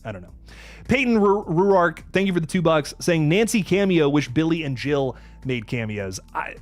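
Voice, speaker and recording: A man's voice: on the high side, animated, moderate pace, faint music behind. A young man hosting a live movie review stream, frustrated and rambling, stammering through restarts and swearing as he reads out donations.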